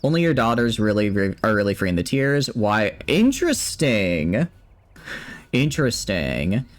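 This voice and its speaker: A man's voice: fairly low pitch, brisk, clean tone. A man giving casual commentary as he streams a game, thinking aloud in a chatty way.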